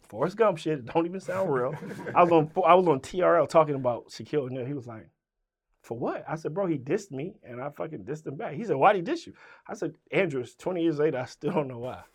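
A middle-aged man from Richmond, Virginia, telling an animated story as an interview guest. His voice sits a bit high for a man. He swears freely and acts out every side of the dialogue himself. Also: fast talker, husky. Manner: profane, acts out both sides of dialogue.

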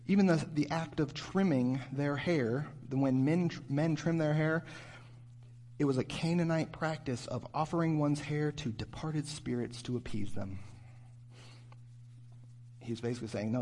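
A man, a youth pastor, giving an animated, conversational sermon and asking his listeners rhetorical questions. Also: medium pitch.

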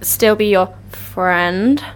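A woman's voice: medium pitch, extremely slow, clear, resonant tone. A woman in casual podcast chat, speaking hesitantly and thoughtfully with many restarts. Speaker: podcast co-host.

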